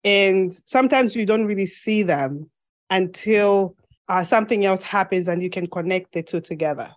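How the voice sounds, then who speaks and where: A woman's voice: mid-range voice, normal speed, no room sound. A woman from Zambia with a slight lisp, a podcast guest telling her story in an earnest, reflective way in a casual interview.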